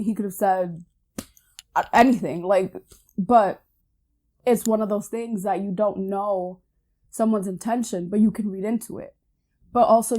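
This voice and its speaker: A woman's voice: medium pitch, darkish tone. A young woman co-hosting a podcast, telling personal stories in a casual, chatty way with lots of "like" fillers. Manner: storytelling, many "like" fillers. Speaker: podcast co-host. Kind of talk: casual chat.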